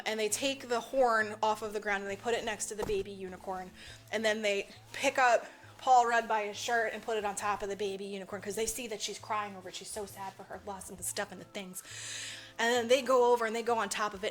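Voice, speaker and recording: A woman's voice: mid-range voice, fairly even intonation, a little fast. A woman co-hosting a podcast, recapping a movie in a rambling, casual way, full of "like" and swearing. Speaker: podcast co-host.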